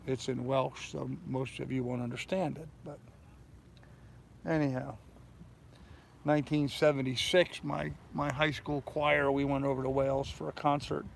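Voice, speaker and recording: A man's voice: medium pitch, creaky, a little hiss or hum. An older man chatting casually on a live stream from his boat in a bay, telling rambling stories. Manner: rambling storyteller. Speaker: sailing vlogger.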